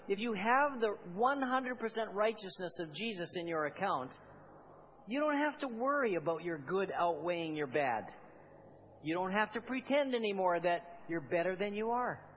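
A high-pitched man preaching with rising fervor, pressing his points through insistent repetition. He calls on the congregation to answer him back. The recording is a little muffled, with faint hiss behind him. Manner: building to fervent, emphatic repetition. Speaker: pastor. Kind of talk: sermon.

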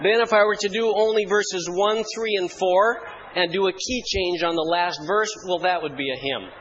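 A pastor with a high-pitched voice preaches at a normal speed, recorded in lo-fi quality over a noisy background. He tells funny church stories with dry wit, recites an archaic hymn in mock-solemn fashion, then turns to scripture.

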